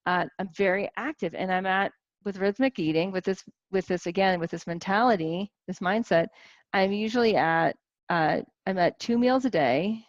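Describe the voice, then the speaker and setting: A woman in her forties giving a casual teaching talk to a group as a wellness coach, animated, with many restarts and rhetorical questions. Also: mid-range voice, normal speed, no room sound, lo-fi sound. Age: 40s.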